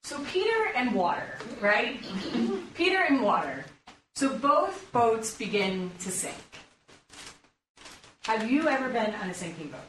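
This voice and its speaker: A woman's voice: on the high side, very animated, a little slow, pauses often, a bit bright. A woman leading a conversational sermon, engaging her group with questions as she talks through a Bible passage. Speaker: pastor or Bible study leader. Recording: roomy, distant mic, faint room noise.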